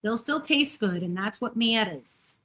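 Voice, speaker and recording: Her voice is on the high side, animated and a bit bright, and she speaks a little slowly. She's in her thirties, baking on a casual live stream from her home kitchen and effusively greeting viewers by name in a bubbly way.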